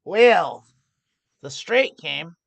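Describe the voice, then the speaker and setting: A woman talks through her poker hands live as she plays, often starting her sentences over. Her voice is low, creaky, and animated yet very slow, recorded with no room sound.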